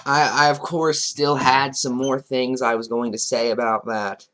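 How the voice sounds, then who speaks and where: A man's voice: mid-range voice, little pitch movement, unhurried, bright, forceful tone. A man doing a commentary vlog, reading chat logs aloud and breaking in with sarcastic, chuckling asides. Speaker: commentary YouTuber.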